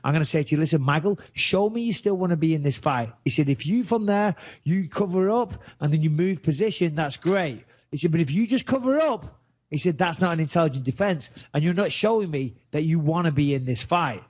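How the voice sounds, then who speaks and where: A man's voice: fairly high pitch, a little fast, muffled recording. A man from England with a Lancashire accent, hosting a podcast in blunt, swearing casual chat. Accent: Lancashire English. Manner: blunt, swears freely, animated retelling. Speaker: podcast host.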